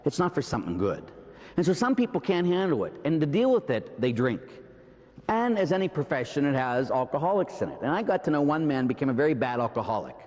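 A man's voice: a little high, big pitch swings, fast, a little mellow, in a large hall, dull audio. A man with a Pittsburgh accent preaching a Catholic sermon, full of rhetorical "huh?" and "right?" asides. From Pittsburgh, USA. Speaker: Catholic priest.

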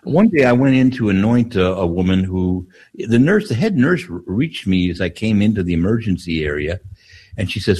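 An older priest talks slowly through his stories on a call-in show. His voice sits deep and has a husky edge. He often backs up and restarts his sentences. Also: big pitch swings, a little mellow. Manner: unhurried storyteller with frequent restarts. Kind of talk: call-in radio talk, telling stories.

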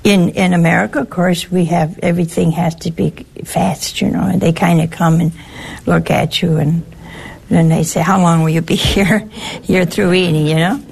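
Older woman with a gravelly, husky voice: a nun telling stories in a folksy way, with jokes to her audience. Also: on the low side, fairly even intonation, normal speed, a little mellow. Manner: chatty storytelling with humorous asides. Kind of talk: informal inspirational talk.

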